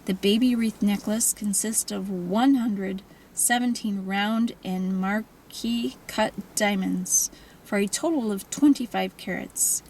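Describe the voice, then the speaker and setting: A woman voicing an older silver-haired male jeweler with a French accent, formal and hushed, in an audiobook reading. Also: mid-range voice, a little hiss or hum, low-quality recording. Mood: reverent. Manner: formal, reverent, slow and hushed.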